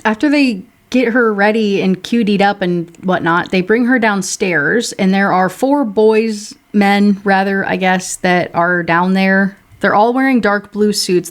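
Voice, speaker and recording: A young woman reviewing a book, reading passages aloud with casual asides in between. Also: medium pitch. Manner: brisk reading, casual asides, slips into character voices.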